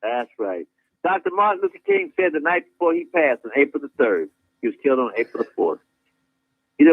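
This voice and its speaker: A man's voice: mid-range voice, wildly swooping pitch, brisk, vocal fry, breathy edge, no room sound. Guy preaching over a tinny dry phone line, acts out scenes, laughs a lot. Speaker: guest activist. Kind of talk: impassioned talk-show preaching. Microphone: phone call.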